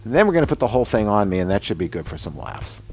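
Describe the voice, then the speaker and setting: A man's voice: fairly low pitch, big pitch swings, racing, darkish tone, breathy edge. A man in his sixties hosting a casual workshop demonstration, explaining his mask and costume work in a rambling, chatty way full of fillers and asides. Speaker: show host and special-effects mask maker.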